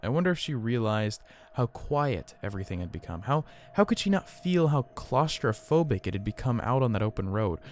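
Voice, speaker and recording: A man narrating a first-person horror story in a tense, hushed storytelling manner. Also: medium pitch, big pitch swings, brisk, hardly any pauses, a little hiss or hum.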